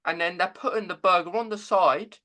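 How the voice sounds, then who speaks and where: A man hosts a casual podcast chat. His voice sits high and sounds bright, and he stumbles and repeats words as he goes. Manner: halting, with many stammered repeats. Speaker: podcast host. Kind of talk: casual conversation.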